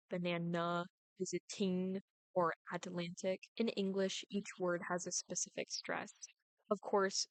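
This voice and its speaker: A young woman, a student, reading her prepared class presentation aloud, deliberately overemphasizing stressed syllables in her examples. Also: on the low side, no echo, poor audio.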